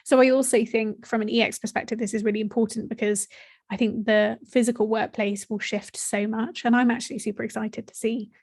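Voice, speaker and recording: A woman's voice: fairly high pitch, level tone, darkish tone. A woman co-hosting a podcast, out of breath, chatting eagerly and building on her partner's points. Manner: enthusiastic, quick to agree and build on points. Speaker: podcast co-host. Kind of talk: casual discussion.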